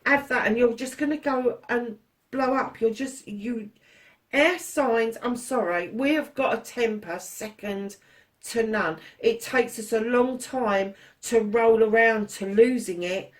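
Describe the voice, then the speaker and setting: A woman's voice: on the high side, takes it slowly. A woman giving a casual tarot reading to her viewers, blunt and frank, swearing freely and calling listeners darling. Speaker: tarot reader.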